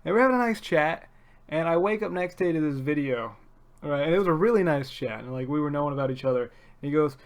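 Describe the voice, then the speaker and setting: A man hosting a casual podcast, telling stories in an excitable, animated way. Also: fairly high pitch, quick pace. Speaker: podcast host.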